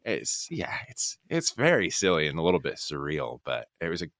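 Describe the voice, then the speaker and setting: A man from the United States, an actor guest, chatting casually and telling stories with lively quoted voices. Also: extremely low pitch, moderate pace, creaky, no room sound. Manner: animated storyteller, acts out quoted voices. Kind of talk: casual podcast chat.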